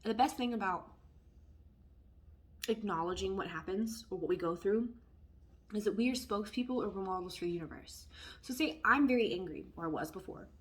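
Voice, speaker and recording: A woman giving a casual tarot reading, chatty and expressive, who often drops into hushed asides. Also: mid-range voice. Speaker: tarot reader.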